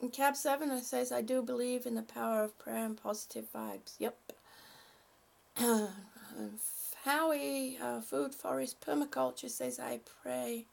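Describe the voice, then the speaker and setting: A woman's voice: on the high side, creaky. A woman on a live stream reading out viewer comments and thanking them, emotional and laughing often, a little short of breath.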